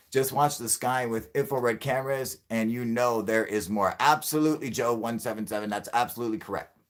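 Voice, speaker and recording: A man's voice: mid-range voice, moderate pace. A man hosting a livestream, ranting angrily and swearing a lot as he answers the chat. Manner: angry, profane, ranting. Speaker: channel host.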